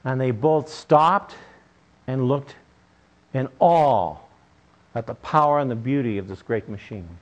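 A man's voice: medium pitch, a little slow, long pauses, rough recording. A male preacher delivering a sermon, telling a story in an emphatic way.

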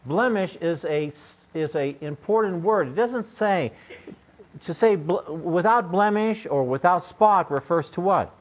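A man's voice: sits high, animated, measured pace. An older man preaching a sermon in a conversational, joking way, often asking his listeners questions. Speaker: pastor. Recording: dull lo-fi recording.

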